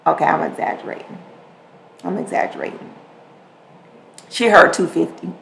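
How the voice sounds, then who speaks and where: A woman's voice: on the low side, normal speed, gravelly, poor audio. A woman hosting a podcast, telling a household story in casual speech, repeating her words and acting out both sides of a conversation. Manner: animated, repeats words, acts out quoted exchanges. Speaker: podcast host.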